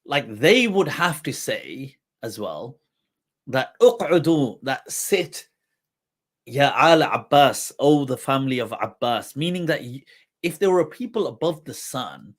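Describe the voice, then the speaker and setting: In an easygoing storytelling talk, a man who is both host and religious teacher recounts a funny bit of history, laughing frequently and reciting poetry along the way. He speaks in a mid-range voice with slow, unhurried delivery.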